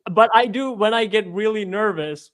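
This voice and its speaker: A man's voice: high-pitched, moderate pace, fairly bright tone. A man who learned English as a second language, chatting casually and telling self-deprecating stories with laughter. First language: not English. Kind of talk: casual chat.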